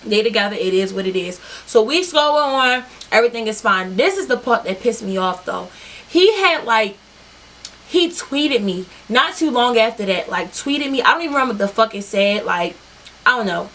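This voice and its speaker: Animated profane woman telling a story. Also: on the high side, normal speed, low-quality recording. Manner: animated, profane, quotes herself and others in dialogue. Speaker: vlogger. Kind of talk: casual storytime vlog.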